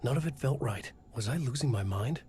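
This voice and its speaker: An actor playing a troubled writer in a game, narrating in a brooding inner monologue. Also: male voice, mid-range voice, animated, a little fast, dark tone, a little hiss or hum, natural voice. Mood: uneasy. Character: troubled adult male writer narrating his ordeal.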